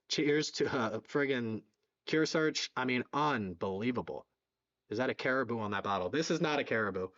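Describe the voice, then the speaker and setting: Philly-male stream host, excitable, repeats lines, slightly muffled audio. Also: mid-range voice. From southeastern Pennsylvania. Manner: excitable, repeats himself, reads donations aloud. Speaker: livestream fundraiser host. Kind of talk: live stream chat.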